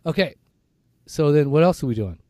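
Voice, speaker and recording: A man co-hosts a laid-back podcast while nursing a sore throat, so his voice sounds rough. His tone is dark and mellow, recorded close and dry with no room sound. He rambles and stumbles through his lines, poking fun at himself. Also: on the high side, lively intonation, normal speed, no room sound. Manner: rambling, stumbling, self-mocking. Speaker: podcast co-host. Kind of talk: casual chat.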